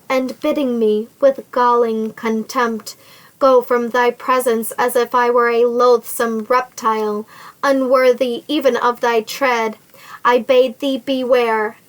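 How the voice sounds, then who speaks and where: Brief: vengeful sneering villain nobleman, woman reading, slow menacing delivery. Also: on the high side, fairly bright tone, poor audio. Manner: sneering, menacing, archaic formal speech. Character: scheming, vengeful nobleman threatening a captive woman.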